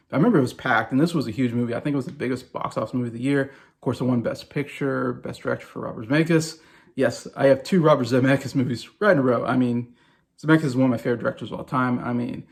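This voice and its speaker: A man's voice: medium pitch, gravelly. A man in his forties talking casually and enthusiastically about favorite movies, rambling with many fillers and restarts. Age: 40s. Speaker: movie vlogger.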